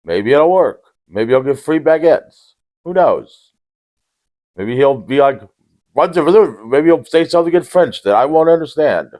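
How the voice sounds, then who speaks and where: A man giving a casual, rambling movie recap with deadpan jokes and frequent restarts. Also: mid-range voice, normal speed. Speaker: movie reviewer.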